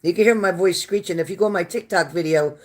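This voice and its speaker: A woman with a raspy, low smoker's voice and a sore throat, hosting a casual livestream and warmly thanking viewers by name. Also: fast. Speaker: livestream host reading viewer comments.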